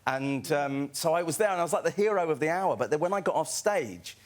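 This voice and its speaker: A man's voice: a little high, animated, fairly quick. A man on a chat show, telling a self-deprecating anecdote with laughs in a TV studio. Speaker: guest comedian. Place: TV studio with audience.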